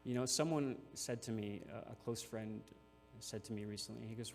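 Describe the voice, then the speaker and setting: A man's voice: on the low side, steady tone, moderate pace, vocal fry. A man, a nonprofit CEO, giving an earnest, emotional conference speech with frequent restarts. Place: large hall. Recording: reverberant hall with faint hum.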